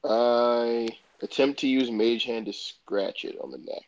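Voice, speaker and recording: A man's voice: mid-range voice, steady tone, a little slow, a little mellow, dull audio. A man playing a tabletop game, answering briefly and a little hesitantly. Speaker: player. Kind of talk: casual in-character play.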